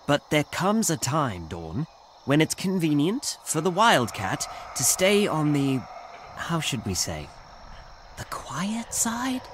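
A man voicing a wry nature-documentary narrator in a video game, speaking with a measured, dry delivery. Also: on the high side, wildly swooping pitch, noisy background, full character voice.

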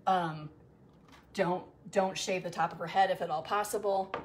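A woman's voice: lowish voice, fairly even intonation, moderate pace, very noisy. Chatty middle-aged woman grooming her dog. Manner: rambling, chatty, many ums and restarts; soft cooing asides to the dog. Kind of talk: casual livestream chat while grooming.

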